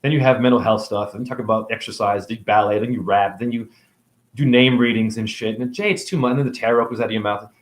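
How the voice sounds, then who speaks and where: A man's voice: on the low side, steady tone, quick pace. A man giving a rambling spiritual monologue to camera, jumping from topic to topic, talking in circles and swearing freely. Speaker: spiritual video creator. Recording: echoey room.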